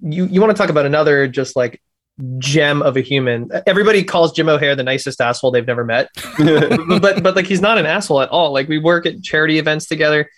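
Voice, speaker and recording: A man guest on a podcast, chatting casually about his film, quick and excitable, swearing freely. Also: a little high. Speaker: filmmaker guest.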